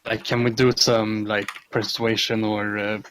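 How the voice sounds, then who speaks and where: A man's voice: fairly low pitch, level tone, unhurried, a bit bright, slight background noise. A young man playing a tabletop game, hesitant and thinking aloud with fillers. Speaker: player. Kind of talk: casual tabletop play.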